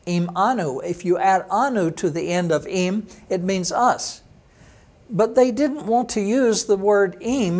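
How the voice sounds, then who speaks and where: A pastor with a fairly high voice, teaching an online sermon. He talks slowly through each word, spells it out, and answers questions he puts in a listener's mouth. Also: a little mellow.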